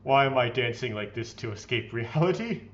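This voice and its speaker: Reading visual novel dialogue aloud at a moderate pace, this let's play host brings expressive, playful theatrics and his own running commentary. His voice sits at a typical middle pitch, captured in a dull, somewhat lo-fi home recording.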